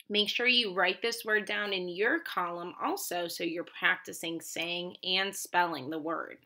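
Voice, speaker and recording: A woman teaching a children's phonics lesson, enunciating words clearly and encouraging her listeners. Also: medium pitch, pushed and bright.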